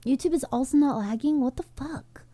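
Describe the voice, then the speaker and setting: A woman's voice: high voice, moderate pace, warm tone. A woman streaming as a VTuber, chatting casually with her viewers, swearing freely and often repeating her own phrases. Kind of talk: casual livestream chat.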